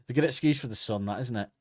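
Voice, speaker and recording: A man's voice: mid-range voice, no room sound, studio quality. A man, co-hosting a comedy podcast in casual chat and slipping into silly voices. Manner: joking, slips into silly put-on voices. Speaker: podcast co-host.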